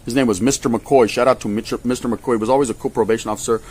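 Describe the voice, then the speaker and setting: A man's voice: mid-range voice, very fast. A man tells a story from his past in casual slang, swearing often and acting out other people's voices. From California. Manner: animated, acts out voices, swears a lot.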